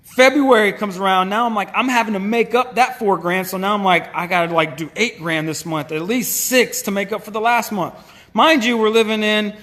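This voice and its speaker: An animated man tells his story in a casual way, often restarting and acting out old conversations. His voice sits high for a man, and a long reverb trails behind him in the room. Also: moderate pace. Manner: animated, restarts and acts out past dialogue. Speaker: small business owner telling his faith story.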